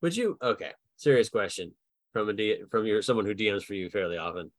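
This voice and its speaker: There's no echo on this fairly low male voice. He co-hosts a podcast as its dungeon master, brainstorming characters for a game in a casual, animated way, with plenty of laughter and quick acted-out lines.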